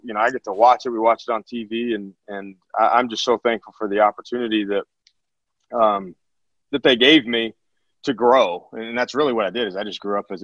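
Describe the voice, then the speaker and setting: A man in his thirties, a former college catcher turned high school teacher, telling stories in a podcast interview with many restarts and fillers. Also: fairly bright tone, no room sound. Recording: dull, dry podcast audio.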